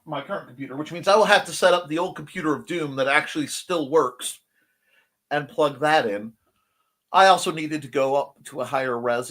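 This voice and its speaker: Fairly high and bright, a man's voice carries a casual live-stream show as he playfully reads viewer comments aloud. He is the host of a creative morning show.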